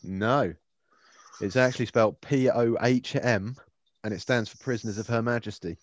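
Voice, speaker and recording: A man's voice: mid-range voice, moderate pace, no echo, lo-fi sound. A man with an English accent co-hosting a podcast in casual, sweary, laid-back banter. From England. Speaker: podcast co-host. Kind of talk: casual chat.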